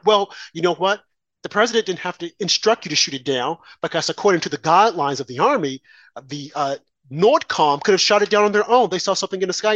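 A man's voice: high-pitched, lively intonation, fairly quick, fairly bright tone, no room sound, muffled recording. A man giving an indignant, scoffing political monologue, mocking opponents by mimicking them. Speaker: political commentator.

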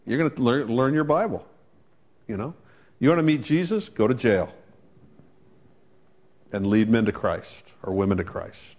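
A man's voice: medium pitch, expressive, moderate pace, long pauses, darkish tone. Man preaching a chatty storytelling sermon. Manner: conversational storytelling, wry asides. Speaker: pastor.

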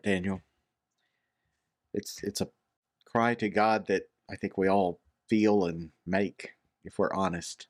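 Man, deep low voice, slow and thoughtful, hesitant. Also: dry recording, studio quality. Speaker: discussion panelist. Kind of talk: bible study discussion.

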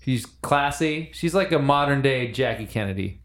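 A man's voice: mid-range voice, normal speed. A man hosting a podcast, chatting casually and telling stories with jokes. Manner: joking, animated storytelling. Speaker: podcast host. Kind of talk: casual chat.

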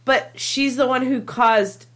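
A woman's voice: high voice, slow pace. A woman in a casual movie discussion, talking enthusiastically and emphatically, with some swearing.

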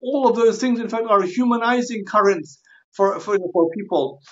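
Earnest halting scholar, man, lo-fi. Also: sits high. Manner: earnest, halting with frequent repeats and restarts. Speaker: guest scholar. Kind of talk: podcast interview discussion.

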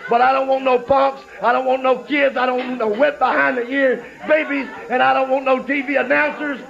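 A man's voice: very high voice, steady tone, a little fast, creaky, fairly bright tone. A man cutting a boastful, taunting wrestling promo in an archival interview. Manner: boastful, taunting, repetitive threats. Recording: lo-fi old TV audio with crowd.

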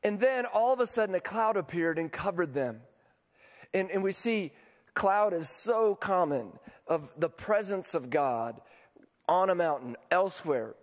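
Animated yet a little slow, a high-voiced man preaches as pastor, speaking casually and checking in with listeners by questioning them. His voice carries a long reverb tail.

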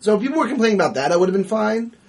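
Casual podcast co-host, man, husky voice, lively and chatty. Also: sits high, very fast. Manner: animated, swearing, acts out scenes. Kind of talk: casual movie discussion.

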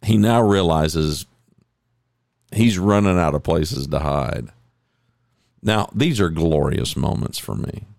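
A man's voice: gravelly, dry recording, studio quality. A middle-aged man in a reflective monologue, telling coaching stories with emphatic, rising stresses. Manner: emphatic, builds to higher excited peaks. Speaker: speaker sharing coaching stories.

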